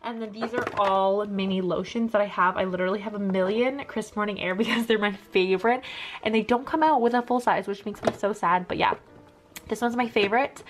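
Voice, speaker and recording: A woman's voice: medium pitch, background noise. A young woman chatting casually to camera in a home vlog, rambling with lots of fillers. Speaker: vlogger. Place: bedroom at home.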